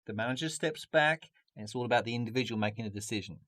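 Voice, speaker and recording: A man's voice: mid-range voice, quick pace, a bit bright. A man teaching a business video lesson, jokey and upbeat, with a close mic. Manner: jokey, puts on a mock French accent at times.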